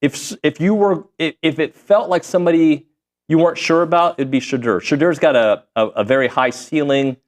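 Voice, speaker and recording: A man's voice: a little high, a little fast. A man hosting a sports talk show, chatting casually, steering segments and teasing his guest. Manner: conversational, leads segments and teases guest. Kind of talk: casual sports radio chat.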